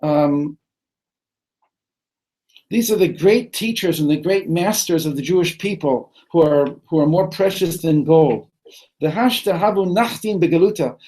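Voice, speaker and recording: A rabbi with a dark-toned voice on the high side teaches a text-study lesson in a study hall, and the audio is poor. He reads lines aloud and translates them phrase by phrase, often restarting and repeating words.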